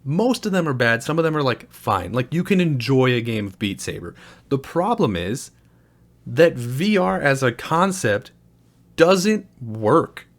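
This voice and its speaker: A man's voice: medium pitch, sing-song, unhurried. A young man hosting a gaming video, giving a sarcastic, profane, exasperated rant review. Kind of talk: ranting game review.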